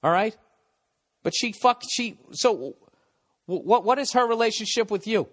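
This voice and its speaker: Profane, rambling man with a higher voice. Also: expressive, normal speed. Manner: profane, rambling, stumbles and restarts; cynical, blunt. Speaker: podcast host. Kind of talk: casual podcast rant.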